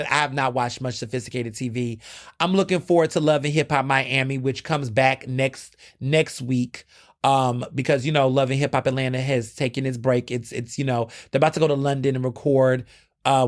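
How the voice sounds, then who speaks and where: A young man hosting his own podcast, chatting casually and dramatically, with sudden jumps up in pitch. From United States. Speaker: podcast host. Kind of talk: casual solo commentary.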